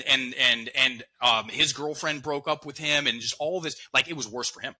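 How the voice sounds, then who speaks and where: A man's voice: mid-range voice, steady tone, normal speed, few pauses, pushed and bright, poor audio. A man talking as a podcast guest, explaining an idea with emphasis and repeating key words. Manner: emphatic, repeats words, quotes others in voices. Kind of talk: conversational teaching.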